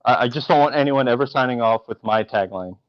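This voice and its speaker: A man co-hosting a casual livestream, relaxed and chuckling between remarks. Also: medium pitch, quick pace, dry recording. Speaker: livestream co-host. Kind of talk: casual chat. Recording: dry, muffled lo-fi stream audio.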